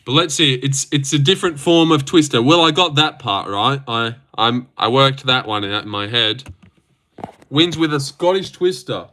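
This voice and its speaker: A young man hosting a casual livestream, reacting to fights in a loose, sweary, excitable way into a desk mic. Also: medium pitch, normal speed. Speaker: livestream host.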